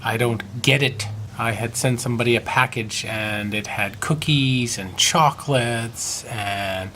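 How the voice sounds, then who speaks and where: A man's voice: medium pitch, unhurried, pushed and bright, a little hiss or hum. A man giving a rambling, profane video response, now and then slipping into mock British voices. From United States. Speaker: vlogger.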